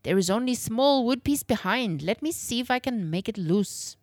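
A woman voicing an elderly male clockmaker who speaks slow, halting broken English. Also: fairly high pitch, lively intonation, darkish tone, no room sound, clean studio sound, voice pushed up. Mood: intrigued.

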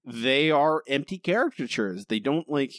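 Lively, exasperated male podcast host. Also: medium pitch, normal speed, no echo, studio quality. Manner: exasperated, ranting, repetitive. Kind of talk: casual podcast chat.

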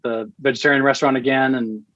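A man's voice: medium pitch, fairly even intonation, quick pace, a bit bright. A man hosting a podcast in easygoing casual chat, steering the conversation. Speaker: podcast host. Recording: dull lo-fi dry sound.

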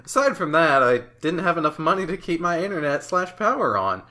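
A woman co-hosting a podcast, reading a forum post aloud in a deadpan way and laughing between lines. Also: sits low, fairly quick, over a noisy crowd. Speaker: podcast co-host.

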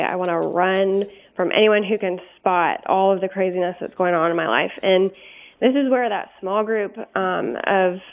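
A woman guest in a radio interview who speaks in an earnest, candid way and often says "um". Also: medium pitch. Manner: earnest, candid, frequent ums. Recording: phone-like narrow sound.

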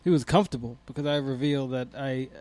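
A man's voice: medium pitch, quick pace, darkish tone. A middle-aged man co-hosting a casual podcast, joking around and chuckling through the banter. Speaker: podcast co-host. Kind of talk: casual chat.

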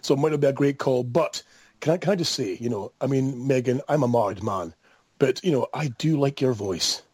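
A man's voice: mid-range voice, brisk, darkish tone, slightly rough, no room sound. A man with a Scottish accent calling into a podcast from a mobile phone, teasing, mock-outraged and laughing often. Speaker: caller. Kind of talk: comedic call-in banter.

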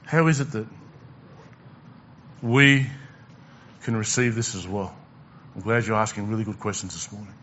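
Pastor guy preaching to his church, chatty, bright voice, kinda muffled recording. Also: lowish voice, moderate pace, long pauses, slight background noise. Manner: conversational, asks the congregation questions, repeats words. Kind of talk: sermon.

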